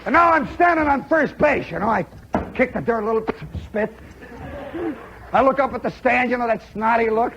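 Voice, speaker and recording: A man's voice: very high voice, normal speed, a crowd in the background, noisy background. A middle-aged man hosting a live radio show, telling a story animatedly to an audience and mimicking play-by-play. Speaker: radio host. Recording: dull 1960s radio broadcast recording.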